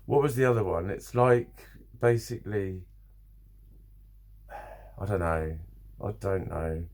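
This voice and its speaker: A man's voice: deep voice, slow pace, darkish tone. A man talking to camera in a rambling, casual vlog, swearing often and restarting his sentences. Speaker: vlogger.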